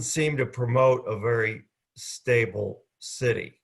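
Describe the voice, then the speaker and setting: A man's voice: medium pitch, lively intonation, slow pace, vocal fry, a bit bright. A man student in a class discussion, speaking tentatively with a sing-songy delivery.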